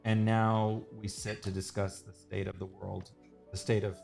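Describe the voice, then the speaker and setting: A man's voice: lowish voice, flat delivery, moderate pace, creaky, darkish tone, faint music behind. A man chatting casually while sketching on a livestream, rambling and self-deprecating.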